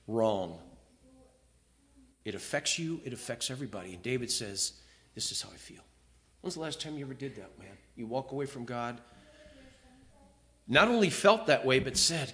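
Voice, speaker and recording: A male pastor preaching a sermon, reading scripture with feeling and swinging between loud emphatic lines and quiet, hushed confessions. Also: mid-range voice, sing-song, moderate pace. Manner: reads scripture aloud with feeling.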